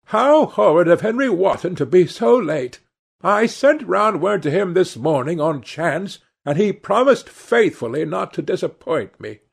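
A man's voice: sits high, big pitch swings, measured pace, creaky, voice pushed up, heavily acted. A man reading aloud and voicing a gossipy, teasing old society hostess with a raised, exclamatory voice. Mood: indignant.

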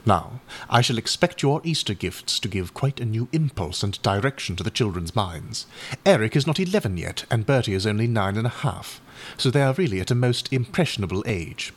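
A man reading aloud and voicing a brisk, insistent, well-meaning Edwardian mother who lectures her brother firmly. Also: lowish voice, animated, breathy edge. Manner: bossy, firm, lecturing.

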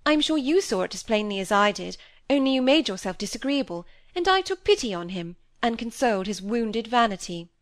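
A woman voicing a lively, flippant young woman who talks in a breezy, dismissive way. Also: fairly high pitch, fairly quick, no echo, clean studio sound. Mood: light.

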